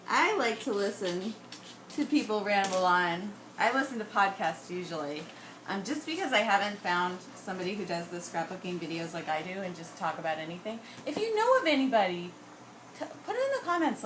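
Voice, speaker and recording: A woman talking in a loose, rambling way as she works on a scrapbook. She drifts from one tangent to the next and laughs often. Her voice sits at an ordinary middle pitch. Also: expressive, moderate pace, a bit bright, slight background noise, poor audio. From United States. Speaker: scrapbooking vlogger. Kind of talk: rambling casual chat.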